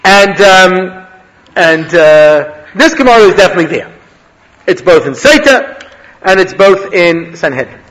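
A male rabbi giving a humorous Torah lecture, an animated storyteller who laughs at his own jokes. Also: high voice, unhurried. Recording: long reverb of a hall.

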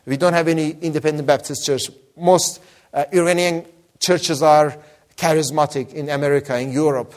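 A man's voice: on the high side, steady tone, moderate pace, a little mellow. Earnest man pastor. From Iran. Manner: earnest, fervent, repeats words when stressing. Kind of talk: personal testimony sermon.

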